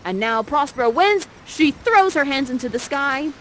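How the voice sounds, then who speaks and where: A woman's voice: high voice, animated, moderate pace, fairly bright tone, slight background noise, rough recording. A woman guiding players through an interactive play, upbeat and teasing, speaking into a headset mic. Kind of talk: playful stage direction.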